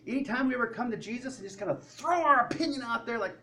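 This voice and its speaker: A male pastor preaching a sermon in an animated, conversational way. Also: very high-pitched, fast talker, few pauses. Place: church sanctuary. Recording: distant mic with faint room noise.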